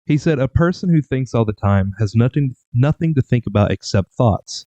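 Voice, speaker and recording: A man's voice: mid-range voice, expressive, moderate pace, dark tone, dry recording, lo-fi sound. A young man co-hosting a podcast, casually telling a rambling story. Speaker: podcast co-host.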